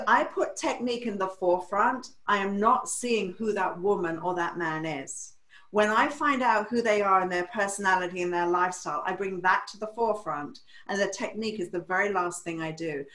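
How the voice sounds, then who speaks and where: Animated storytelling Englishwoman, older. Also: medium pitch, roomy sound, low-quality recording. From England. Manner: animated storyteller, acting out quoted voices. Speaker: hairdresser and educator. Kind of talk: storytelling in a podcast interview.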